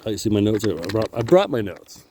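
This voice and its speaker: Guy rambling and cussing on a walk in the woods, dark mellow voice, laughs a lot. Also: fairly low pitch, big pitch swings, a little fast, slight background noise. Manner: rambling, profane, laughs often. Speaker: vlogger. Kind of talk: rambling casual monologue. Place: outdoors on a wooded path.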